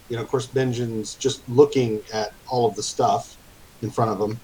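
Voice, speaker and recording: A man narrating as game master of a tabletop game, halting and filled with fillers. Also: mid-range voice, fairly even intonation, dark tone, a little hiss or hum, low-quality recording.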